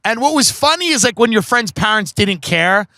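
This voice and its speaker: A man's voice: sits high, lively intonation, moderate pace, pushed and bright, dry recording. A man from Long Island hosting a podcast, telling comedic stories in a rambling, profane way full of filler words. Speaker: podcast host. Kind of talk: comedic storytelling.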